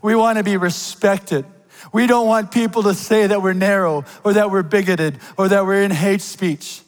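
A man with a notably high voice preaches a sermon at a church service. He is impassioned and rhetorical, sinking to slow, hushed lines and then climbing to loud, ringing declarations. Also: steady tone, long reverb tail, low-quality recording.

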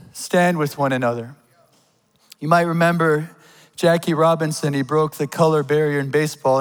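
Impassioned high-voiced male preacher. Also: big-room sound, low-quality recording. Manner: swings between hushed, slow lines and loud, high declarations; impassioned, rhetorical. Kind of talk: sermon. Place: church service.

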